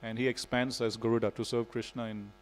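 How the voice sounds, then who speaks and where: A man's voice: mid-range voice, flat delivery, a little fast, rough recording. A man giving a devotional scripture class in a temple, telling stories in a casual way with frequent "you know". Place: temple hall.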